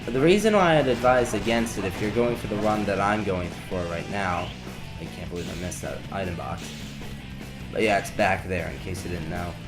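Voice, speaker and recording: A man's voice: low voice, fairly quick. A young man giving rambling, sarcastic commentary over a video game playthrough. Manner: rambling, wry, sarcastic asides. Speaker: let's play commentator. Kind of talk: casual gameplay commentary. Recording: game music playing behind. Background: video game music.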